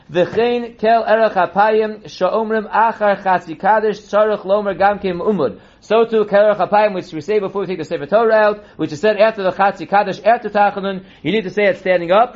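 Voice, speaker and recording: A man teaching a text-based class as a rabbi, reading passages slowly and then explaining them in a plain tone. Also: sits high. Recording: dull lo-fi recording.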